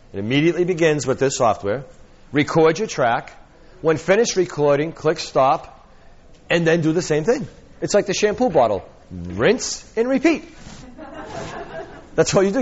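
A man teaching a workshop, an animated storyteller who acts out quotes and laughs often. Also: mid-range voice, muffled recording. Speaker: hypnotherapy trainer.

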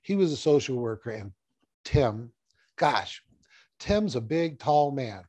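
Mellow-voiced man teaching hypnotherapy. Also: medium pitch, lively intonation, slow, no room sound. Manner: storytelling, conversational, repeats key phrases. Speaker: hypnotherapy trainer. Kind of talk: casual teaching talk to camera.

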